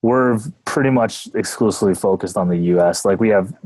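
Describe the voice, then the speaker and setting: A Canadian man guesting on a business podcast talks casually in a lowish voice. He is relaxed and chatty and laughs easily. The sound is dry and close, with no room around it. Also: a little fast, dry recording, low-quality recording. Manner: relaxed and talkative, laughs easily, jokes about himself. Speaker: podcast guest, sales development manager.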